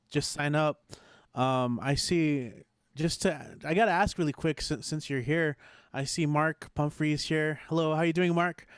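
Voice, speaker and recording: A man's voice: fairly high pitch, clear, resonant tone, dry recording, studio quality. A man hosting an online open mic over a video call, talking casually with restarts and fillers. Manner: relaxed, hesitant, friendly shout-outs.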